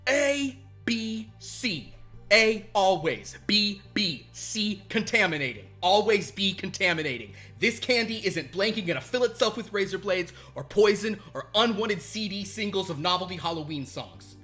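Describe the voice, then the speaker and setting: Man doing a loud bullying cartoon watch boss. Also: moderate pace, faint music behind. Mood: barking. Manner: loud, bullying, barking sales-pitch rant. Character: arrogant abusive male cartoon wristwatch boss.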